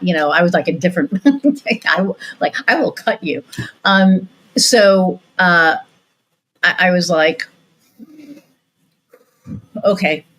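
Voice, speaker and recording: A woman with a lowish voice hosts a conversational podcast. She tells stories in a lively, unfiltered way, swearing casually as she goes. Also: rough recording. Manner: animated, swears freely. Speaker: podcast host.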